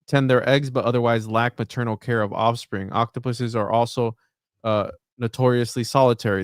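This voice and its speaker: A man with a smooth, mid-range voice reads an article aloud on a podcast, stumbling a little and tossing in wry asides. The sound is dry and close. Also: medium pitch, no echo. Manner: halting reading with wry asides. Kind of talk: casual chat, reading an article aloud.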